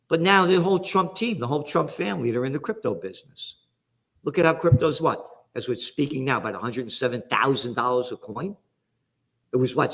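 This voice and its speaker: A man from the Bronx with a New York accent, a guest giving fired-up, angry political commentary. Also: medium pitch.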